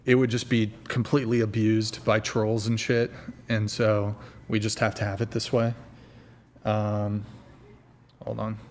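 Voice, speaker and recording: A man's voice: fairly low pitch, little pitch movement, measured pace, a little hiss or hum. A young man hosting a casual livestream, chatting in a loose, rambling way and swearing freely. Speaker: host. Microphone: desk mic.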